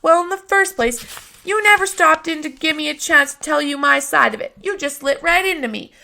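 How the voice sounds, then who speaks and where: A woman's voice: high-pitched, expressive, a little fast, creaky, bright, forceful tone, voice pushed up, heavily acted. A woman voicing a feisty, defiant young girl who argues and pleads in a storybook reading. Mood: earnest.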